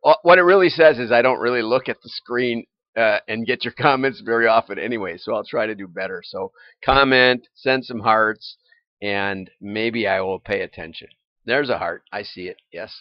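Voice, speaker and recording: A man's voice: fairly low pitch, normal speed, no room sound. An older man hosting a casual livestream, chatting in a rambling way and chuckling often as he goes over news items. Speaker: livestream host. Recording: dull, lo-fi, dry livestream audio.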